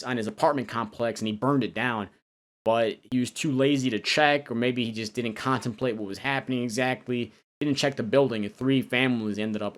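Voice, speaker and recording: Young man telling a prison story. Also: mid-range voice. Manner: loose, halting, full of restarts and slang. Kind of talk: personal storytelling.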